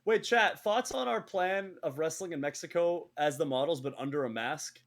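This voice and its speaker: A man from the Middle East co-hosting a casual chat, excitable, swearing and quick to argue. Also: a little high. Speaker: podcast co-host.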